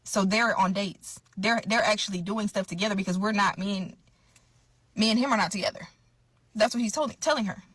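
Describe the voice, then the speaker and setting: Animated woman telling a personal story. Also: mid-range voice, fairly quick, breathy edge, no room sound. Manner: animated, addresses viewers as y'all, repeats for emphasis. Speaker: storyteller in a clip.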